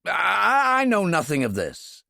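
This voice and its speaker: A man's voice: on the high side, wildly swooping pitch, a little slow, sharp tone, no echo, studio quality, pitched above the performer's own voice, full character voice. A man reading an audiobook, voicing an indignant, blustering male senator.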